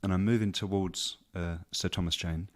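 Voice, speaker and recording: A man with a very low, deep voice chats on a podcast. He tells stories in a loose, rambling way, full of ums and restarts. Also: fairly even intonation, moderate pace. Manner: rambling anecdotal storytelling with many fillers. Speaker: podcast co-host. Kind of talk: casual chat.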